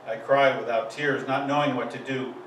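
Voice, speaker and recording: A man's voice: medium pitch, steady tone, moderate pace, fairly bright tone, a little hiss or hum. Man reciting poetry in an echoey room. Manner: rhythmic, emphatic delivery of lists. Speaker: poet. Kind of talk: live poetry reading. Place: live poetry event venue. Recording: echoey room, distant mic, faint ambience.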